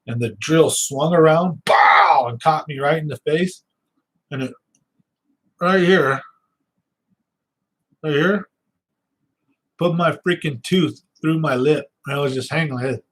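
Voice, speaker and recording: This man hosts a fishing channel, and his mid-range voice has a breathy edge on a low-quality recording. He chats casually and tells stories in a loose, rambling way, full of fillers and restarts. A slight lisp comes through, and he sometimes gets stuck on words.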